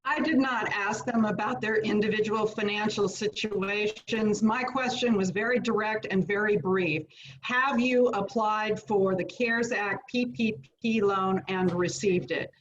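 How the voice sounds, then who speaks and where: A woman's voice: mid-range voice, a little slow, dull audio, a little hiss or hum. A woman on a video call answering firmly and directly to clarify what she asked. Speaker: board member. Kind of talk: virtual board meeting remarks.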